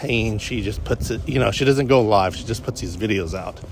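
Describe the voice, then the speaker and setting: A man's voice: lowish voice, moderate pace, gravelly, a little hiss or hum. A man talking casually while out on a morning walk, meandering from thought to thought and restarting sentences often. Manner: meandering, self-interrupting, frequent restarts. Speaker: vlogger. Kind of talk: rambling walk-and-talk vlog.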